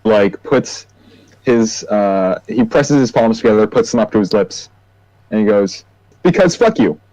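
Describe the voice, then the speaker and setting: A man's voice: on the low side, steady tone, unhurried, warm tone, no echo, lo-fi sound. A man playing a tabletop role-playing game, playfully describing his character's actions. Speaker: player.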